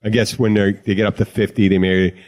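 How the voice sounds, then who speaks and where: A man's voice: lowish voice, level tone, fast talker, a little mellow. A man hosting a casual podcast chat, rambling and joking, often interrupting himself. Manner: rambling, jokey, self-interrupting. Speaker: podcast host, bartender.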